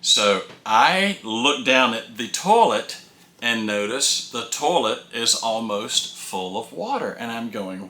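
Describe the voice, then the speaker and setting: A folksy man spins a rambling travel tale and doubles back on his words as he talks. His voice is very bright and sharp, and it rings around a roomy, echoey space. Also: medium pitch, very animated, slow pace. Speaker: RV traveler telling road stories. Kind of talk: casual first-person storytelling.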